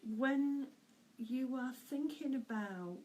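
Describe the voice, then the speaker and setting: Slow, gentle woman with a higher voice. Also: slight background noise, rough recording. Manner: gentle and unhurried, with frequent soft laughs and hesitant fillers. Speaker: spiritual medium and channeller. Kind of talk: weekly spiritual message, casual and unscripted.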